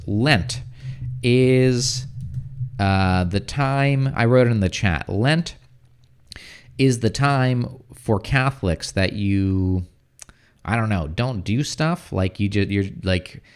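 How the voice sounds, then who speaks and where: An American man giving a casual livestream English lesson, chatting with viewers and explaining words slowly, often checking with "right?". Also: lowish voice, smooth. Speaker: English teacher. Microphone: streaming setup.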